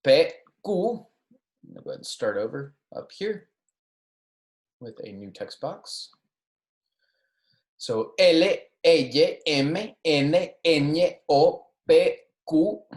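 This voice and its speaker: Man slowly teaching Spanish pronunciation. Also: medium pitch, reverberant. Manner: patient, modeling pronunciation slowly, self-correcting. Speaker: Spanish instructor. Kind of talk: recorded classroom lecture.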